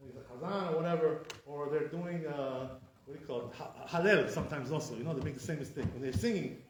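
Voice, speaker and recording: A high-ish, fast-talking male voice belongs to a rabbi teaching an informal class in front of an audience. He acts out mispronunciations and correct ones, repeatedly checking in with "right?" Background noise is present, and the echoey room is picked up by a distant mic.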